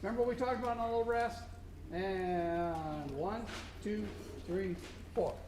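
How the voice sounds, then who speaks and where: A man's voice: high voice, a little slow, a little mellow. A man working as a contest judge, coaching a student band and singing rhythms aloud to show them. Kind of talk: instructional clinic to a student band. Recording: echoey room with faint noise.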